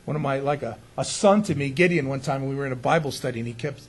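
A man's voice: mid-range voice, fast talker, slightly rough. A man preaching as a pastor in a conversational sermon, often asking his congregation rhetorical questions and chuckling now and then.

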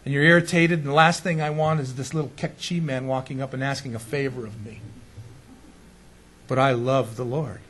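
A man, a pastor, preaching through an animated, self-mocking story full of restarts. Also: medium pitch, moderate pace. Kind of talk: storytelling sermon.

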